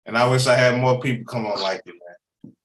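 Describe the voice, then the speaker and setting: A man's voice: medium pitch, steady tone, fast talker, reverberant, low-quality recording. A man hosting a sports interview show, chatting casually and encouraging his guest, often saying "man". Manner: warm, encouraging, repeats "man". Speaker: host.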